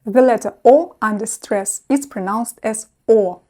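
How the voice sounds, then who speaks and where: A woman teaching a language lesson, pronouncing each example slowly and distinctly as a model for learners. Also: a little high, warm tone. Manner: slow, clearly enunciated model pronunciation.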